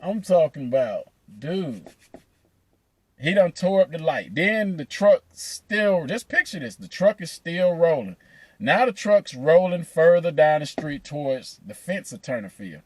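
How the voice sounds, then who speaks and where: A man telling a profane, animated story, laughing between lines. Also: fairly high pitch, a little slow, no echo. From Atlanta, USA. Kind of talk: casual storytelling.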